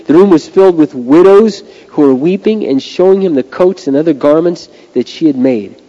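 Middle-aged pastor preaching in a reverberant hall. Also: male voice, a little high, animated, moderate pace, mellow. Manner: earnest, conversational preaching. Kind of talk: sermon. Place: church sanctuary. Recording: lo-fi recording with long hall reverb.

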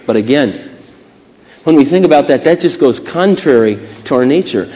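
A man preaching a sermon emphatically, with dramatic pauses between phrases. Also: medium pitch, lively intonation, dark tone. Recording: long reverb of a church hall.

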